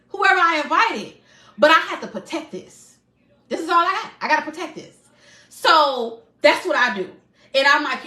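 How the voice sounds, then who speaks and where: A woman with a high, bright voice talks earnestly and from the heart, leaning on repeated phrases to drive her points home. She is speaking live from her home, and the room adds a noticeable echo. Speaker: live-stream host.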